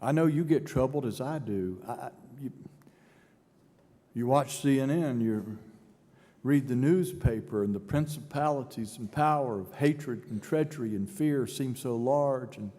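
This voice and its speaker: A man's voice: mid-range voice, unhurried, warm tone. A male pastor preaching a sermon, dramatic and storytelling, acting out imagined speakers. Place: large church sanctuary. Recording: long church reverb.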